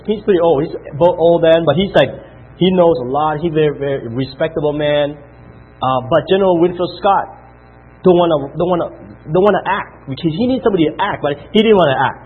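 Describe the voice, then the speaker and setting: A man delivers an animated motivational talk to his business team, repeating himself and firing off rhetorical questions. His voice is husky and sits a little high. The recording is thin and tinny, like a phone line.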